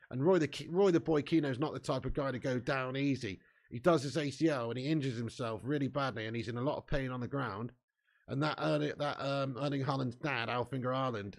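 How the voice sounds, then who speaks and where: A young man hosting a live football watch-along, bantering with his chat and swearing freely, getting loud when a chance comes. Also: mid-range voice, vocal fry.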